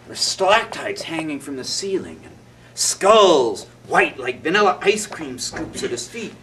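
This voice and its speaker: A man's voice: fairly high pitch, very animated, unhurried, a bit bright. A male storyteller performing a children's tale dramatically, with gasps and sound effects. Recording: distant mic with faint noise.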